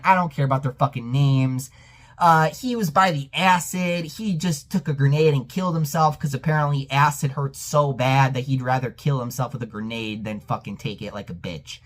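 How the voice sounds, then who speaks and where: Man ranting furiously in a film review. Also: on the high side. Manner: profane, exasperated ranting with sudden yelled outbursts. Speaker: movie reviewer.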